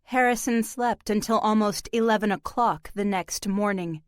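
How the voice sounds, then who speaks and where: A mid-range female voice reads an audiobook script steadily and evenly. The studio-quality recording carries no room sound.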